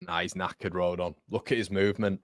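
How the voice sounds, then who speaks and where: Excitable man hosting a football watchalong. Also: low-pitched, a little fast, dry recording, studio quality. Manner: excitable, chatty, swings between shouting and muttering. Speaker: watchalong host. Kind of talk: live match watchalong commentary.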